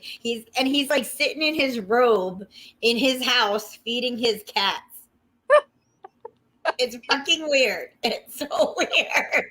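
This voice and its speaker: Brief: woman, slightly high voice, excitable gossip host, casual and profane. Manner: gossipy, excitable, swears freely, addresses viewers. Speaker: livestream host. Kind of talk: casual chat.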